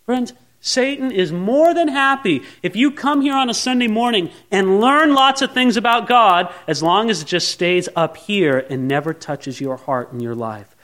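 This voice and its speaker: High-voiced man preaching a sermon. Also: animated, normal speed, few pauses. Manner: earnest, swings between quiet asides and raised pleading. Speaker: pastor.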